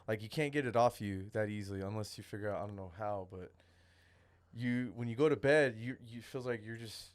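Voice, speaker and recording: Smooth-voiced young guy telling a rambling story. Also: fairly low pitch, brisk, no echo. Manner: laid-back, rambling, swears a lot, says "dude". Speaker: podcast host telling a story. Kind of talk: casual storytelling chat.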